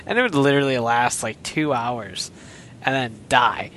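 A man co-hosting a casual chat among friends, swearing freely and ranting with animated energy. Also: medium pitch, normal speed, slight background noise. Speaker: podcast co-host.

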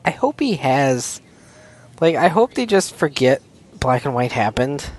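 A man's voice: mid-range voice, sing-song, a little slow. A man co-hosting a casual podcast about cartoons, sarcastic and laughing often. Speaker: podcast co-host.

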